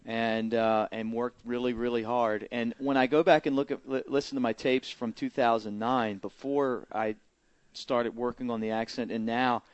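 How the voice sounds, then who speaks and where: A man with a trace of a Baltimore accent talks shop as a baseball broadcaster, earnest and halting, with lots of restarts. His voice is of middling pitch and comes through muffled and lo-fi, close and dry. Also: fairly even intonation, dry recording. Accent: slight Baltimore. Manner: earnest, hesitant, many fillers and restarts. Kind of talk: casual radio interview.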